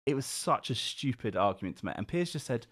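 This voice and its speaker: Guy rambling fast on a podcast, lots of likes and swearing, dry close sound. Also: medium pitch, dry recording. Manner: rambling, animated retelling with frequent fillers and swearing. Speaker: podcast co-host. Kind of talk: casual chat.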